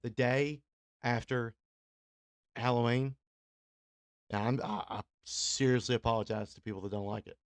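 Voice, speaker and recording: Man, Kentucky accent, casual rambling DJ talk, self-deprecating, mid pitch, dry sound. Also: steady tone, normal speed, long pauses, clean tone, no room sound. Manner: chatty, self-deprecating, laughs often, many fillers. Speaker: radio host and DJ. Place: small home studio.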